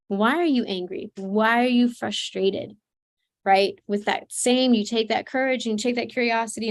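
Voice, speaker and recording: A woman presenting an online seminar as a trauma coach, speaking earnestly with fillers and restarts, through a computer mic. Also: a little high.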